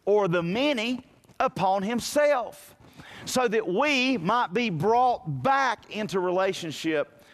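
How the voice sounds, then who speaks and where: A high-pitched male pastor delivering a sermon. He talks straight at his congregation, often calling for them to listen, and his delivery rises to loud emphatic peaks before dropping to hushed, low stretches. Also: animated, slow pace. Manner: preaching with dramatic swings from loud to hushed; direct, addresses listeners with "listen".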